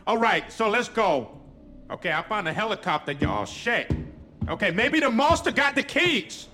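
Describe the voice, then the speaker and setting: Young male streamer, high and lively voice, swearing and panicking through a horror game, faint music underneath. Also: normal speed, slight background noise. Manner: loud, profane, panicky reactions. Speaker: gamer streamer. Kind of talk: live horror game commentary.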